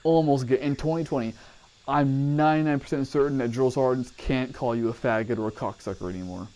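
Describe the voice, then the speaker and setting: A man's voice: medium pitch, a little mellow. A man casually recounting his army training days, swearing freely and wandering off on tangents. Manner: profane, digressive, rambling. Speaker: army veteran telling training stories. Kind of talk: casual storytelling to camera.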